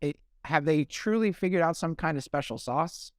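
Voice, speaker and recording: Easygoing halting man in chat. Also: on the high side, no echo, clean studio sound. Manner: halting, restarts words, easygoing. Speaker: podcast co-host. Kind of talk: casual chat.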